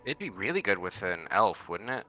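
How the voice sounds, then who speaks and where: A man chatting casually during a co-op video game, halting and full of fillers. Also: deep voice, sing-song, pushed and bright, faint music behind. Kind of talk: casual gameplay chat.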